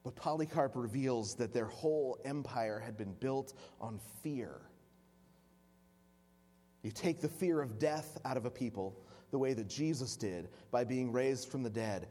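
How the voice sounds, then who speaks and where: A man's voice: mid-range voice, measured pace, dark tone. Dramatic preacher man in a big hall. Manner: vivid, dramatic narration. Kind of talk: sermon storytelling. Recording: long hall reverb.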